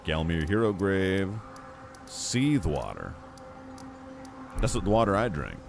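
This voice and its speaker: A male streamer with a low voice that jumps around a lot as he jokes his way through a game. He rambles and mutters to himself between quips. Faint game music plays behind him. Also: wildly swooping pitch, takes it slowly, gravelly. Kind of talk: casual gameplay commentary.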